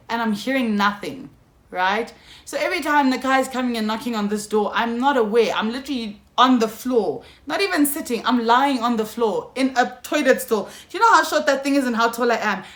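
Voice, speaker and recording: A woman's voice: a little high, normal speed. Young South African woman in an echoey room. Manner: animated, slangy, keeps addressing viewers. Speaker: YouTuber. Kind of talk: storytime vlog.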